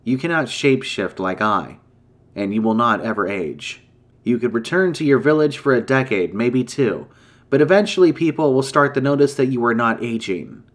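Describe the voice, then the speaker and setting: A man voicing an ancient, grave female dragon in human form, speaking in a measured, formal way in a campfire story. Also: mid-range voice, animated, lightly acted. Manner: solemn, measured, formal speech.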